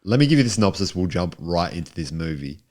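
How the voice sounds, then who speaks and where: A man's voice: low-pitched, sing-song, fast, a little mellow. A man co-hosting a podcast, chatting about a film in a laid-back, wry way and offering facts. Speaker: podcast co-host. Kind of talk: casual movie review chat.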